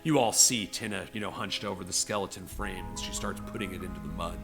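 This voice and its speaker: A man's voice: low voice, steady tone, quick pace, music in the background. A man narrating a tabletop game as game master, rambling with many fillers. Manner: rambling, filler-heavy storytelling.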